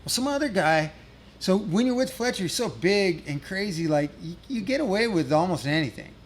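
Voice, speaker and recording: A man's voice: sits high, lively intonation, moderate pace, a little hiss or hum. A middle-aged man telling a rambling, profane touring story as a guest musician, laughing at his own tale. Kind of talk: casual storytelling.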